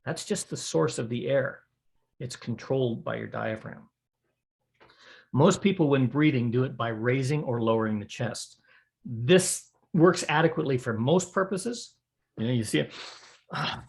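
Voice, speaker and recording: A man's voice: medium pitch, gravelly. A middle-aged man teaching would-be square dance callers about breathing and voice care, in a folksy, practical way, showing what he means as he talks. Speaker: square dance calling instructor. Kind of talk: spoken lesson to a camera.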